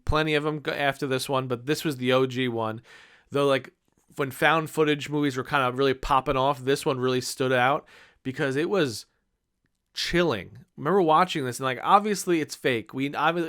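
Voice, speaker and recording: A man's voice: on the high side, a bit bright, clean tone. A man in his thirties giving a casual movie review, enthusiastic and rambling with many fillers.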